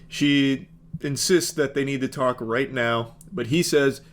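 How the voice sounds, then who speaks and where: A man's voice: mid-range voice, unhurried. A man narrating a story for a video with sarcastic, dry commentary.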